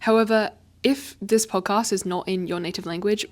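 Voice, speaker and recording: A young woman hosting her own podcast at home, talking fast and expressively with frequent laughs and a slight stutter now and then. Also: mid-range voice, steady tone. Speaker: podcast host. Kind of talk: casual advice monologue. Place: home, indoors. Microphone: facing own camera.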